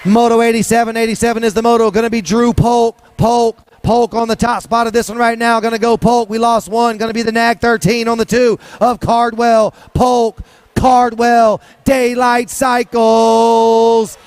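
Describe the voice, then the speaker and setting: High-pitched rapid-fire race announcer man. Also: little pitch movement, clear, resonant tone, no room sound. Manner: rapid-fire rhythmic calling, sing-song hype. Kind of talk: live BMX race commentary. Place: outdoor race track.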